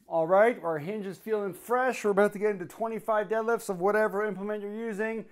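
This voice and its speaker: A man's voice: sits high, fairly even intonation, a little fast. Breathless man coaching a workout. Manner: coaching cues, counting reps between efforts. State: out of breath during sets. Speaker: fitness coach. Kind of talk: workout instruction while exercising.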